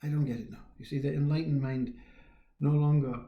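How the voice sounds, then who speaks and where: A man giving a reflective spiritual talk, musing in an unhurried way, trailing off and restarting, with quiet chuckles. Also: fairly high pitch, steady tone, reverberant, narrow, tinny audio. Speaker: spiritual teacher.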